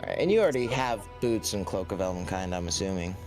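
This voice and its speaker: A man playing a tabletop game, checking his inventory in halting speech full of filler sounds. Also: deep voice, lively intonation, over loud music. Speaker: player.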